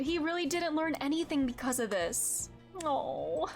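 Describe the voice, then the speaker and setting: A woman's voice: high voice, very animated, a little slow, soft background music. A woman streamer chatting casually over gameplay, emotional and exclaiming, swearing freely.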